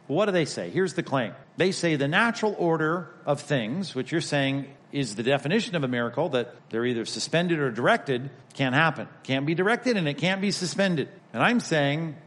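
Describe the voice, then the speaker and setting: A middle-aged man lectures with a somewhat raised pitch, pressing his points emphatically and stumbling into quick restarts. His voice rings out with a long hall reverb around it. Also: lively intonation. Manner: emphatic, repeats and restarts words. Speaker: teacher of apologetics. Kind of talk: conversational lecture.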